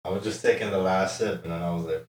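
A man's voice: deep voice, fairly even intonation, fast talker, crowd noise. A man joining a casual podcast as the host's friend, laid-back and ribbing him back. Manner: laid-back, talks back and ribs the host. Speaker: friend in the studio. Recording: echoey room, off-mic.

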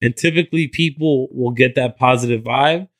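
A man from New Jersey, a hip hop artist guest on a podcast, speaks earnestly about positive thinking. He swears casually while staying motivational. His voice sits at an ordinary male pitch. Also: normal speed, fairly bright tone. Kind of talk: casual interview chat.

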